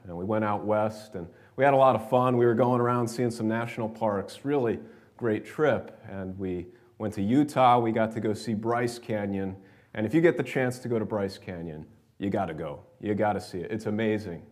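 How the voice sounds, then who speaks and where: A man's voice: on the low side, moderate pace, darkish tone. Conversational American preacher man. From New York. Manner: conversational storytelling preacher, addresses congregation directly. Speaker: pastor. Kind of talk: sermon with scripture reading and prayer. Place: church sanctuary.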